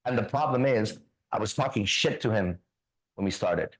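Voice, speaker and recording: A man hosting a faith talk show, telling a story in a casual, profane, animated way and acting out the other voices. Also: on the low side, normal speed, low-quality recording. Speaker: ministry host.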